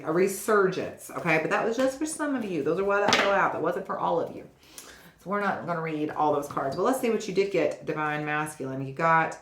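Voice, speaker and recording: A woman giving a casual tarot reading to her viewers, chatty and often checking in with "okay?". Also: deep voice. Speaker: tarot reader. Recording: roomy echo, faint noise.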